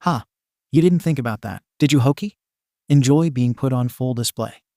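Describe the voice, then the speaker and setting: A man's voice: medium pitch, normal speed, dark tone, dry recording, clean studio sound, close to an everyday voice. A man doing a cocky, teasing teen boy. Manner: mocking, laughing.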